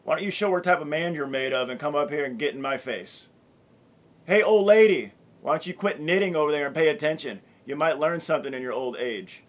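A man's voice: on the high side, brisk, lightly acted. A man playing a brash wrestler who taunts and challenges the people watching him. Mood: taunting. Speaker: professional wrestler in an art video. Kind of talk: trash talk to an audience.

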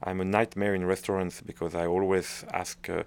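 A middle-aged conductor from France speaks English with a clear French accent. His voice sits low with a gravelly fry. He answers interview questions thoughtfully, pausing and restarting as he searches for words. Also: little pitch movement.

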